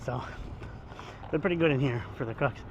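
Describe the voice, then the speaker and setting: A man's voice: mid-range voice, normal speed, highs cut off, background noise. A man chatting casually to his phone camera while walking outdoors, rambling and joking, a little out of breath. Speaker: vlogger. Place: outdoors on a street walk. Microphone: handheld phone camera.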